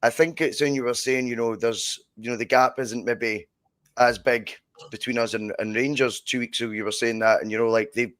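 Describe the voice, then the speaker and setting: A man's voice: mid-range voice, steady tone, moderate pace, a bit bright, dry recording, studio quality. A man hosting a casual podcast over a video call, chatty and matey as he plugs the channel. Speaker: podcast host.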